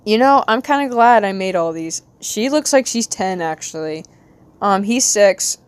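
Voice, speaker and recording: An American woman with a light Southern accent, rambling casually to her stream while she draws, talking to herself with quick bursts of excitement. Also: medium pitch, smooth. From United States. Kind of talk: casual live-stream chat while drawing.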